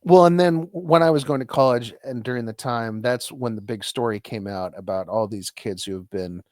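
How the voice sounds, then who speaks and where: A man's voice: mid-range voice, a little fast, darkish tone, no room sound, clean studio sound. A young man co-hosting a podcast in a loose, rambling chat, full of restarts and self-mocking asides. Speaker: podcast co-host. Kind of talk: casual chat.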